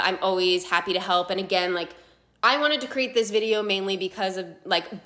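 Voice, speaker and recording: A woman's voice: mid-range voice, pushed and bright. A young adult woman talking casually in a vlog about her own experience, chatty and earnest with many fillers. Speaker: patient sharing her story.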